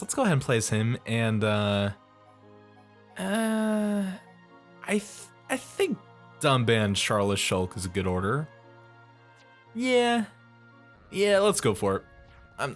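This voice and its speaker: Man, let's play host, casual rambling commentary, jokey, animated pitch, faint background music. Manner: rambling, jokey, many fillers.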